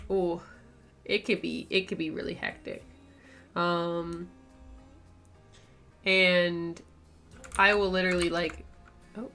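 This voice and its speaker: Woman art streamer, casual rambler, bright tone, low-ish pitch. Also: gravelly. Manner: rambling, chatty, lots of likes and laughs. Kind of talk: casual chat while drawing on stream.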